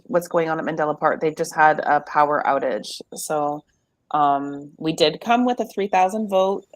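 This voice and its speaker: Chatty woman host for a casual livestream, a bit low-pitched, dry and close. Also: a bit bright, no room sound. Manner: chatty, reads numbers out slowly. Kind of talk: casual chat.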